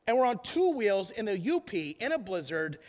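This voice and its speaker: Male preacher, very high voice, lively sermon delivery, long hall echo. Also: normal speed. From northern Wisconsin. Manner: animated, swings from loud shouting to hushed prayer.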